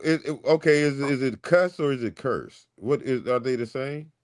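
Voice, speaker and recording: A man's voice: medium pitch, normal speed. A man on a talk show, needling the others with quizzical questions. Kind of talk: casual banter.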